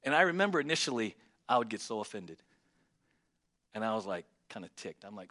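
A man in his forties preaching a conversational sermon as pastor, emphatic at times and often dropping to a low murmur. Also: big pitch swings, a little fast, bright, forceful tone.

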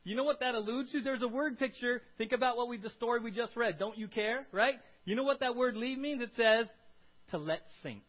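A man's voice: very high-pitched, a little fast. A male pastor preaching emphatically, often asking "right?" and acting out quoted lines in changing voices. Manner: emphatic, punctuates points with "right?" and "good". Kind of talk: sermon. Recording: dull lo-fi sermon recording.

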